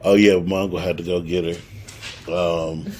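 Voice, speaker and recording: A man's voice: sits low, normal speed. A young man, casually telling a story on a podcast and acting out the quotes. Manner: animated storyteller, acts out quotes. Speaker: podcast co-host.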